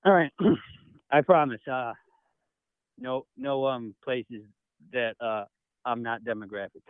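A man's voice: mid-range voice, slow pace, clear, resonant tone, no echo. Playful man on a tinny phone line. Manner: giggly and playful. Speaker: podcast co-host. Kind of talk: casual comedy podcast chat.

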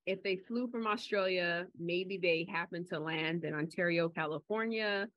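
A woman's voice: fairly low pitch, normal speed, dry recording. Chatty woman podcast host, dull audio. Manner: chatty storyteller, animated when quoting people. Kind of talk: casual chat.

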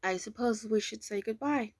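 A woman voicing a quiet, resigned young woman in an audiobook, speaking matter-of-factly. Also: on the high side, moderate pace, no room sound, studio quality.

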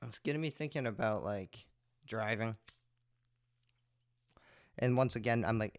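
A man's voice: on the low side, unhurried, pauses often, no room sound. A man hosting a podcast, telling a rambling, profane story in a laid-back way into a close microphone. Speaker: podcast host. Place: at home, smoking while recording. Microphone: close desk microphone.

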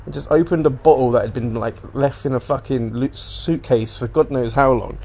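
A man's voice: medium pitch, normal speed, a little mellow. A man hosting a casual solo podcast, rambling and swearing as he animatedly retells what he watched on TV. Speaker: podcast host.

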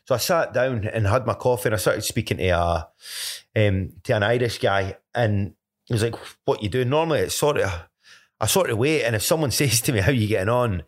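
A man's voice: on the low side, expressive, a little fast. Rambling Scottish man sharing faith stories. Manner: rambling, many restarts and self-corrections. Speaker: podcast co-host. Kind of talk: casual faith testimony chat.

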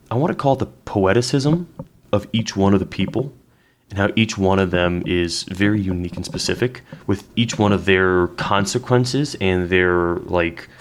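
A man talking as a podcast guest, thoughtful and measured in his points. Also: low-pitched. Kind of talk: casual podcast chat.

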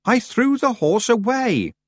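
A man's voice: mid-range voice, big pitch swings, normal speed, no echo, studio quality. A man reading an audiobook, voicing an earnest, stubborn young witch girl. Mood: urgent. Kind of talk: audiobook character voice.

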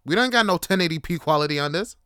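A man talks through a casual solo monologue in a smooth, resonant voice that sits a little high for a man. He rambles, swears freely and jokes around as he goes. The sound is dry and close to the mic. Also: animated, quick pace, pushed and bright, no echo. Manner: rambling, profane, jokey, slips into impressions. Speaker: podcast host.

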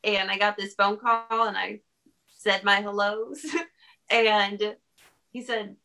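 A woman's voice: medium pitch, flat delivery, slow pace, bright, forceful tone. A young woman co-hosting a casual podcast chat, telling a personal story in a rambling way and laughing often. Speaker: podcast co-host.

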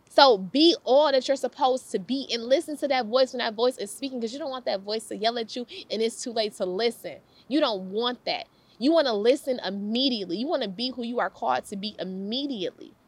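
A young woman giving a casual devotional talk, lively and slangy, laughing often and repeating her phrases for emphasis. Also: fairly high pitch, normal speed. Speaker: faith talk host.

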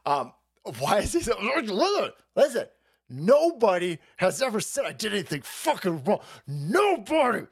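Profane mocking man with a lively voice. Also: high-pitched, unhurried, creaky, husky. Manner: crude, mocking, laughing often. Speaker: streamer host. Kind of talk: profane livestream commentary.

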